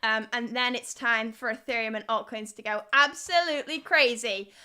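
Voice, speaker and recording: A woman's voice: on the high side, moderate pace, bright, forceful tone, clean tone. A young woman with a Liverpool accent hosting a live crypto news stream, chatty and reading viewer comments aloud. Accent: Liverpool (Scouse). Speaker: livestream host.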